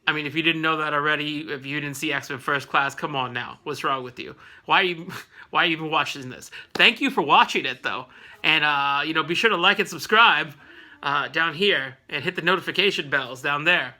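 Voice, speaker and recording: A man with a high, very bright voice talks through a comic issue in a loose, rambling way. He keeps breaking off into jokes and side comments to his viewers. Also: brisk. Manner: rambling, joking asides, frequent laughs. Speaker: comic book recap host. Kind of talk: casual comedic comic recap.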